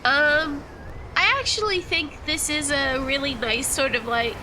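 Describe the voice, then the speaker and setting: A woman's voice: high-pitched, measured pace, bright, forceful tone, slight background noise. A young woman chatting casually and playfully with her chat while playing a game on stream, laughing often. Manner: giggly and playful.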